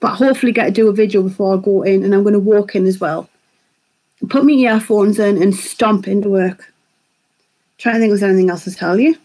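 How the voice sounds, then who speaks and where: A woman, chatting quickly while hosting a live makeup tutorial and reading viewer comments aloud. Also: medium pitch, warm tone, poor audio. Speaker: beauty vlogger hosting a live stream.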